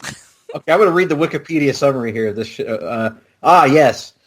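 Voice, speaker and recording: A man co-hosting a casual podcast chat, animated, swearing freely and laughing often. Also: medium pitch, a little fast. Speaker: podcast co-host.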